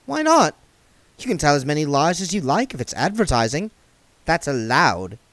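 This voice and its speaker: A man puts on a prim young woman's voice for a storybook, pitched well above his own and sharply clipped. She sounds practical and brisk, and the recording is dry and close. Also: very animated, a bit bright, no room sound. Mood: snappish. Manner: high clipped voice.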